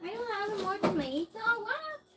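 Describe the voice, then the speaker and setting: A woman's voice: high voice, a little slow, noisy background. A woman streamer chatting casually with her viewers while she cooks in her home kitchen, talking to herself as she works. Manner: chatty, talks to herself and to chat while cooking. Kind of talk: casual livestream chat while cooking.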